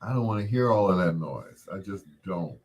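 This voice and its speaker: A man around 60 hosting a casual chat, rambling in a relaxed way and greeting viewers by name. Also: low-pitched, normal speed. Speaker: host.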